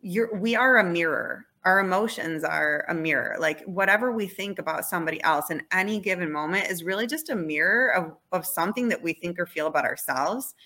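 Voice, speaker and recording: A woman's voice: fairly low pitch, fairly quick, few pauses, sharp tone. A woman in her thirties, a podcast guest, talking candidly and reflectively about parenting in casual conversation. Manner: candid, self-reflective storytelling.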